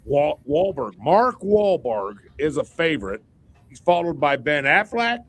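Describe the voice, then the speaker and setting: Man, sports radio panelist, higher voice, very lively pitch, rambling, emphatic. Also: a little slow. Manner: rambling, emphatic storyteller with frequent restarts. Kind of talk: casual radio sports chat.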